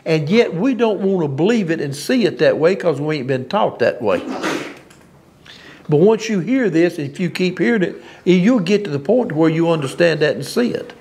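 Preacher guy, kinda high voice, folksy and punchy, chuckles a lot. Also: expressive, moderate pace, creaky, a little mellow, a little hiss or hum. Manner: folksy, emphatic, laughs at his own lines. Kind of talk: informal sermon.

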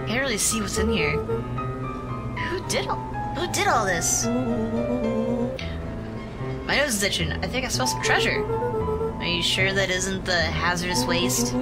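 Lively woman reading game dialogue. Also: medium pitch, moderate pace, long pauses. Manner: lively, playful. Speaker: game streamer. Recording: loud game music behind.

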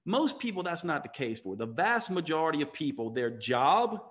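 Man, podcast guest, coach, fairly high voice, emphatic storytelling, acts out quotes. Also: very animated, normal speed, a bit bright. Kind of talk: storytelling interview talk.

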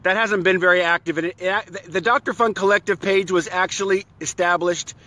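A man's voice: high-pitched, fairly even intonation, brisk, sharp tone. A man hosting his own live broadcast, upbeat and a bit hyped, chatting casually and greeting viewers one by one by name. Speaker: live stream host. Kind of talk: casual live-stream chat.

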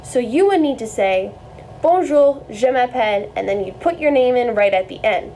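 A young woman presenting a children's lesson, repeating phrases slowly and clearly. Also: a little high, expressive, dark tone, slight background noise, poor audio. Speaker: French segment presenter. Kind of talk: kids' language lesson.

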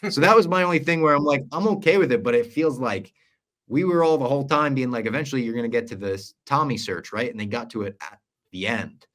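A man's voice: medium pitch, fast. A young man on a casual podcast, recapping a series at length and acting out quoted lines along the way. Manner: animated storyteller, acts out quoted lines. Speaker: podcast co-host.

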